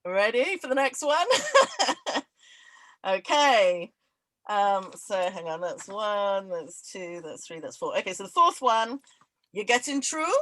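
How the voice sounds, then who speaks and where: A woman hosting an online quiz over a video call, laughing often and reading each question twice, slowly. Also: medium pitch, sing-song, fairly bright tone, no room sound, low-quality recording. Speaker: event host running a quiz. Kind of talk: casual online event chat.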